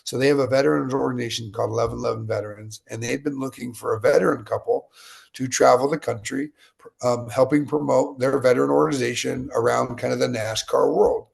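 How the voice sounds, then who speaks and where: A man's voice: medium pitch, fairly even intonation, fast, vocal fry, a little mellow, breathy edge. A man in his late thirties from Utah, a guest telling a long story in a casual, digressive interview style. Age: late 30s.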